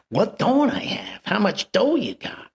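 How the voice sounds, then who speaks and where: A sly middle-aged peddler, selling from his car trunk, as a man puts him on. The voice is pushed up high and gravelly, swooping through a wheedling salesman's patter. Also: huge pitch swings, takes it slowly, exaggerated voice. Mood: salesy.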